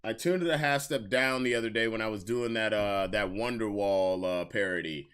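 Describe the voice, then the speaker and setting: A man's voice: lowish voice, normal speed, fairly bright tone, clean tone. A man hosting a podcast stream, tipsy, chatting loosely in slang while fiddling with a guitar. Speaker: podcast host. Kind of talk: casual livestream chat. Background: guitar strumming.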